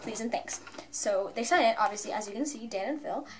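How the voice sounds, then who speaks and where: Young woman vlogger, slightly high voice, excitable and rambling, casual storytelling. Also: quick pace, a little hiss or hum. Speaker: fan vlogger.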